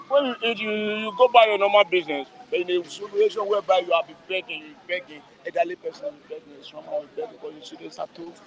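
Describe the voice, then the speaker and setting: A man's voice: high voice, poor audio. A man with a Nigerian accent, speaking outdoors in a street interview. He talks emphatically and pleadingly, often repeating his words. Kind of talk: impassioned street opinion.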